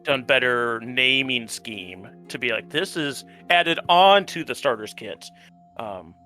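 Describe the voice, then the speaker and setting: A man who played in a tabletop game, talking it over in a relaxed, rambling way with many ums. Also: mid-range voice, slow pace, faint music behind. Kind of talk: casual post-series chat.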